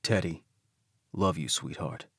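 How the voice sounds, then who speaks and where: A male audiobook narrator voicing a tender, protective husband, speaking softly. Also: unhurried, no room sound, studio quality, full character voice. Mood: doting. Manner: soft, low, murmuring.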